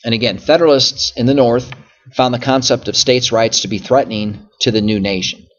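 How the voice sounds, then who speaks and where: Male teacher, mid-pitched, patient lecture delivery, repeats points for students, slightly dull recording. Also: fairly even intonation, brisk. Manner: explanatory, repeats "so again" and "okay?" often. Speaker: history teacher. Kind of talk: recorded classroom lecture over slides.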